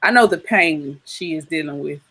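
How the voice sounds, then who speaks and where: A woman's voice: deep voice, normal speed, fairly bright tone, husky, poor audio. A woman from the South, explaining frankly in a casual group chat. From the American South.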